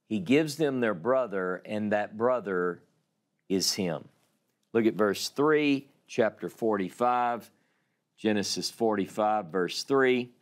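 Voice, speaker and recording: A man teaching a Bible class, reading scripture aloud slowly and dramatically and explaining it. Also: lowish voice.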